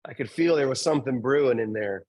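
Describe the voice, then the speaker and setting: A man hosting a spiritual community session, calling on members gently and laughing often. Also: mid-range voice, fast, rough recording. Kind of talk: casual warm group chat.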